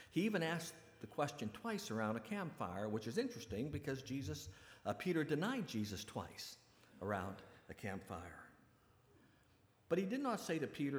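A man preaching a sermon and retelling a story in a conversational, animated way. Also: mid-range voice, moderate pace. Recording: echoey hall with long reverb.

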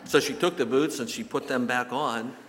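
A man giving a sermon in a church, telling folksy stories and jokes with halting repeats. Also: medium pitch, a bit bright. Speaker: pastor. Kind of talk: sermon with anecdotes. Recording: long reverb from a large hall.

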